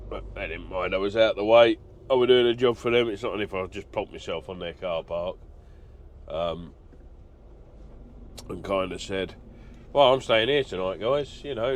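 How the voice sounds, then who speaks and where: A middle-aged man talks through his trucking day in a loose, rambling way, full of ums and uhs. His voice sits a little low. Faint outdoor traffic noise hangs behind him. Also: moderate pace. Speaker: truck driver vlogger. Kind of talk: casual vlog chat.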